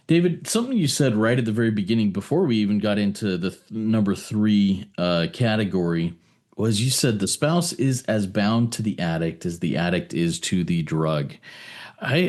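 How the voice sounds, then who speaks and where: A man hosting a recovery roundtable, thanking a speaker and asking a halting follow-up question. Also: low-pitched, darkish tone. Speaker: host. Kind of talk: roundtable moderation.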